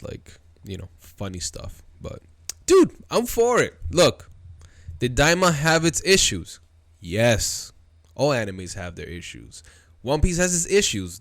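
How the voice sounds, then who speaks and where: A man hosting a casual anime commentary video, talking excitedly and loosely, calling viewers dude and bro. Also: mid-range voice, dry recording, clean studio sound. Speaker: video host.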